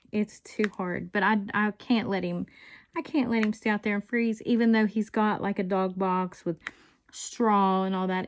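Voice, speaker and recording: A woman chatting as a craft vlogger, easy and unhurried. She takes her time with every sentence and lets it trail and ramble. Little chuckles slip in between her words. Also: mid-range voice, a little hiss or hum. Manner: rambling storyteller, chuckles often. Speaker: diamond painting vlogger. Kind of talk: casual chat while crafting.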